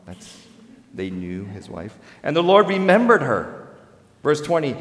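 A male pastor preaching a sermon, swinging between loud, rising emphasis and quiet, low asides. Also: big pitch swings, normal speed. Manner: dynamic preaching with sharp swings in pitch and volume. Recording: echoey hall with long reverb.

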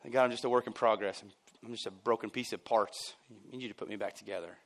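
A pastor with a low, steady voice preaches briskly during a church service. Emphatic but casual, he drops from loud bursts to near-whispered lines and adds asides with a chuckle.

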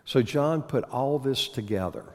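A man teaches a Bible lesson conversationally, posing questions to his listeners and slipping in corny puns. His medium-pitched voice is expressive and a little slow, with the long reverb of a hall around it.

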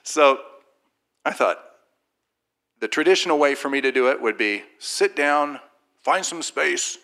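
Bright-voiced man telling a faith story. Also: fairly high pitch, a little slow. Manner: animated storyteller who acts out other people's voices. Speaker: Christian speaker sharing a personal testimony. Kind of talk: informal faith testimony storytelling.

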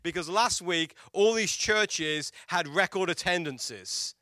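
A man preaching a sermon as a pastor, telling stories and asking the congregation questions, swinging between loud emphatic lines and hushed quiet ones. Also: sits high, expressive, takes it slowly, no echo, studio quality. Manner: storytelling with rhetorical questions to the congregation.

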